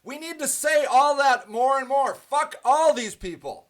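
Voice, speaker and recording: A man's voice: extremely high pitch, lively intonation, unhurried. A man hosting a livestream, ranting angrily and profanely to his viewers and answering their comments, with many ums and restarts. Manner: profane, angry and emphatic, with frequent ums and restarts.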